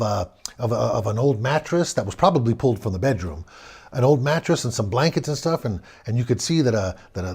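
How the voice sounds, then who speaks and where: A man telling a spooky childhood story aloud, swinging between loud bursts and hushed tones. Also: mid-range voice, breathy edge. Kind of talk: personal ghost story told aloud.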